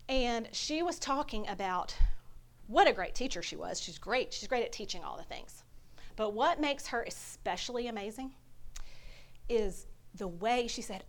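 A woman's voice: on the high side, expressive, moderate pace. A woman teaching a Bible study in an earnest, conversational sermon style. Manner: earnest, heartfelt.

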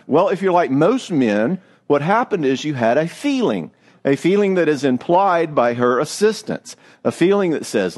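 Middle-aged male speaker, marriage seminar, pitch jumps all over, a bit higher than most men, jokey and self-mocking. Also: moderate pace. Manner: animated, joking, self-deprecating storyteller. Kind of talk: church marriage seminar talk.

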